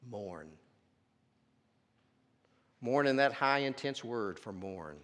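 A man preaching a sermon in a large sanctuary, his voice carrying a long reverb. He swings between soft, hushed lines and loud, stretched-out emphasis, often repeating words as he builds. His pitch sits in the middle range for a man. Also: animated, moderate pace.

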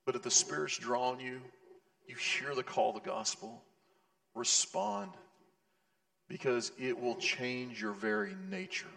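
A man's voice: medium pitch, very animated, unhurried, creaky, fairly bright tone, big-room sound. A male pastor preaching a sermon in an earnest, conversational way with casual asides.

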